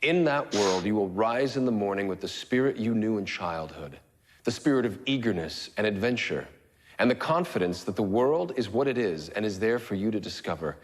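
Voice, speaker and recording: An actor playing a defiant male rebel leader giving a solemn, measured speech to a nation in a dramatic film. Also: on the low side, expressive.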